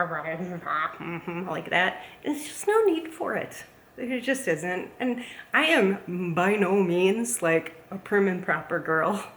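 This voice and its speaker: A woman chatting casually as a plant YouTuber, gushing and playful. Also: medium pitch. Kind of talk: casual vlog chat. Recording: echoey room, faint ambience.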